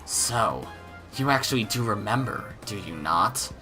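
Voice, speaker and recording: A man doing a soft, creepy young stranger. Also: fairly low pitch, lively intonation, over music. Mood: menacing. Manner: soft, quiet, eerie, deliberate.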